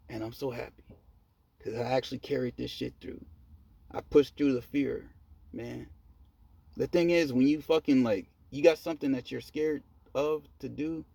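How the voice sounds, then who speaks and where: A man telling a personal story in a casual monologue, profane and animated, laughing at himself. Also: medium pitch, normal speed, gravelly, breathy edge. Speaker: storyteller vlogger.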